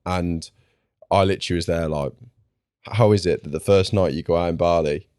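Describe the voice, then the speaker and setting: Lively storytelling man with low voice. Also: normal speed, clear, resonant tone, dry recording, studio quality. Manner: animated storyteller, acts out quotes. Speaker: podcast guest. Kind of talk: casual podcast chat.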